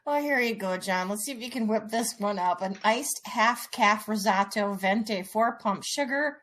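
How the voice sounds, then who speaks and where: A woman's voice: medium pitch, moderate pace, fairly bright tone, a little hiss or hum. A woman co-hosting a comedy talk show, reading out silly orders and giggling often. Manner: giggly, frequent laughter. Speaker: radio show co-host. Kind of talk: comedic banter.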